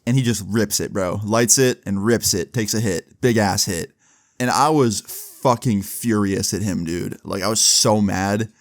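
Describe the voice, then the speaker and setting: Low-voiced man telling a casual story. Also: a little slow, no room sound, clean studio sound. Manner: laid-back, swears often, fills with 'like'. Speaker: storyteller vlogger.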